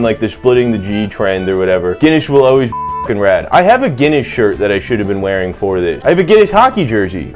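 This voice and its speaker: A young man talks in a loose, rambling comic monologue from his home kitchen. He swears freely and keeps chopping words off halfway. Faint music sits low under his voice. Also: a little mellow. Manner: irreverent, swears often, cuts himself off mid-word. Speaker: comedy cooking host.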